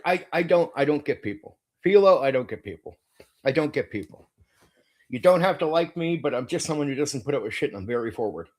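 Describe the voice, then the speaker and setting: A man's voice: a little high, a little mellow. A man hosting his own stream, ranting in a defensive, indignant way, swearing constantly and stumbling over restarts. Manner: profane, repetitive, frequent stammered restarts. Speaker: channel host. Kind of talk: heated livestream rant.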